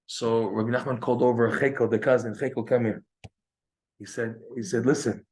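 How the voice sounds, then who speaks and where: Animated male Torah teacher telling stories. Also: fairly quick. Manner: animated, acts out quoted dialogue with raised pitch. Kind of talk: storytelling lecture.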